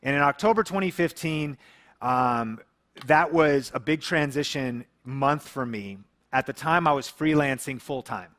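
A man's voice: mid-range voice, a bit bright. A man in his thirties from the Seattle area, a YouTube creator telling a personal story to camera and acting out phone calls. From Seattle area, USA.

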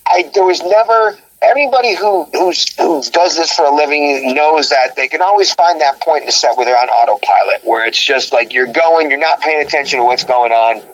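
A man guest in a casual interview, telling road stories in an animated way, acting out quotes and laughing often. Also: on the high side, brisk, hardly any pauses, no echo, poor audio.

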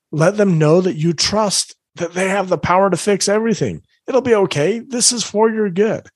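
Middle-aged man, parenting coach, earnest and encouraging, slightly higher voice, husky, dry close sound. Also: normal speed, few pauses, dry recording. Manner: earnest, encouraging, acts out his own inner thoughts. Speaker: parenting coach, former school principal. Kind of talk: motivational talk to parents.

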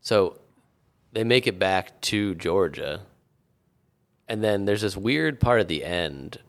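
A man with a very deep, gravelly voice co-hosts a laid-back podcast. He muses through his points, trails off mid-sentence and drops dry asides. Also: animated, slow. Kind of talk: casual movie chat.

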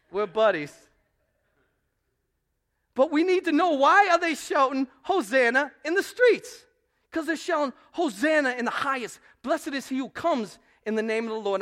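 A male pastor preaching a sermon, swinging between loud proclamation and quiet asides. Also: sits high.

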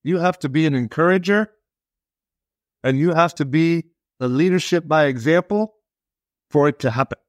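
A man with a slightly high voice and a dry, close sound. He speaks as a branch manager in a loose, easygoing way. He jokes as he goes. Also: normal speed, long pauses, dry recording. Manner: laid-back and joking. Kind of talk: podcast discussion.

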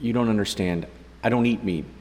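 A man's voice: lowish voice, a little fast, a little mellow, natural voice. A man voicing a timid male professor who gets anxious, his voice climbing when he is alarmed. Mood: protesting. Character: jittery male professor, timid vegetarian scientist.

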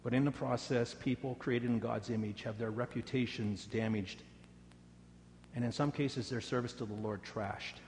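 A male pastor delivering a sermon, his mid-range voice rising for the dramatic parts and falling quiet and low for prayer. The sound carries a long church reverb. A faint hum sits underneath. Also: fairly even intonation, moderate pace. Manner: dramatic storytelling, rising loud for quoted taunts, dropping soft for prayer.

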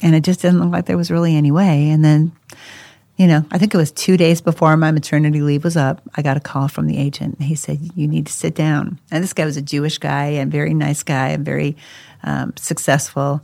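A woman telling her own story in a casual podcast chat. She talks in an animated way, laughs often and acts out the voices of people she quotes. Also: low-pitched, a little fast, gravelly, dry recording. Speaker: co-host sharing her life story.

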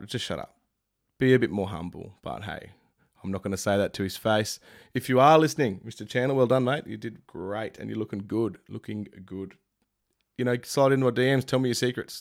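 A man with a fairly low voice rambles through a comedic fight-night recap. His delivery is irreverent and casual, with offhand jokes dropped in between the play-by-play. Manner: irreverent, rambling, joking asides. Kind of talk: comedic sports recap monologue.

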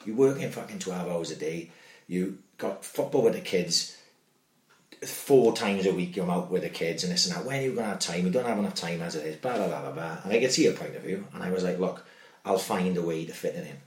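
Casting: very low-voiced man, chatty podcast co-host, cursing freely, echoey room. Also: expressive, brisk. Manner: sweary, storytelling, keeps asking "do you know what I mean". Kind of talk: casual chat. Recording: roomy echo.

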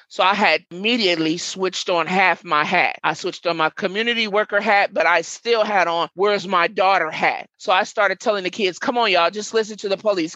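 A woman's voice: on the low side, steady tone, normal speed, few pauses, bright, forceful tone, no room sound, lo-fi sound. A middle-aged woman telling her story in an interview, reliving events vividly and quoting what everyone said. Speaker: interviewee, mother and community worker. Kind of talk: emotional first-person testimony.

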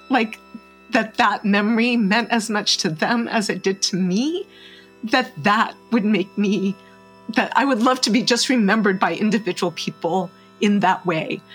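A married woman guest in an interview, speaking earnestly and reflectively, often pausing and restarting with fillers. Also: medium pitch, faint music behind. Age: adult, married. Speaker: podcast guest.

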